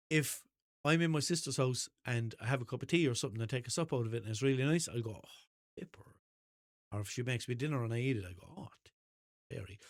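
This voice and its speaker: Irish host, Limerick accent, loose rambly chat, mid-pitched, dry. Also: male voice, no echo. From Limerick, Ireland. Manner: rambling, swears freely, laughs at himself. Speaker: podcast host. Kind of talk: casual solo podcast chat.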